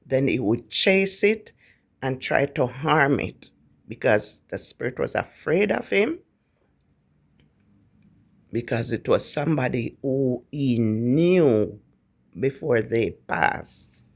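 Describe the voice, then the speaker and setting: A man with a Jamaican accent telling a ghost story in a casual, animated way, often repeating words. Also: mid-range voice, slow.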